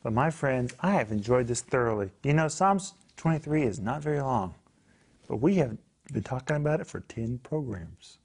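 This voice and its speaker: Male co-host, mid-range pitch, friendly and upbeat, promotional. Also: lively intonation, moderate pace, darkish tone, breathy edge. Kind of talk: casual program chat.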